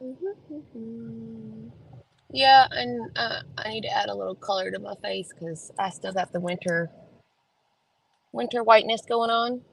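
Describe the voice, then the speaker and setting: A woman with a fairly high, slightly rough voice and some vocal fry talks at a measured pace with fairly even intonation. Sitting in her parked car in a school pickup line, she rambles homily to live viewers through her phone camera, using plenty of fillers, and the recording quality is low.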